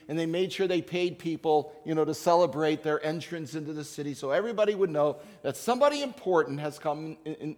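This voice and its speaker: A man preaching a conversational sermon, acting out Bible characters in quick asides. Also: a little high, darkish tone. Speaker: pastor.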